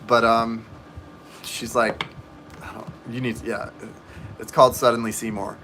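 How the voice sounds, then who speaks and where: A man's voice: mid-range voice, level tone, measured pace, bright, forceful tone, a little hiss or hum. A man giving tarot readings on a live stream, chatting and rambling to viewers in the chat. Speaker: tarot reader.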